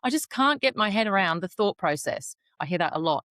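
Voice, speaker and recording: A woman's voice: mid-range voice, lively intonation, fairly quick, a bit bright, no room sound, studio quality. A middle-aged woman, co-hosting a casual podcast chat, talking frankly and acting out her own inner thoughts. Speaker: podcast co-host.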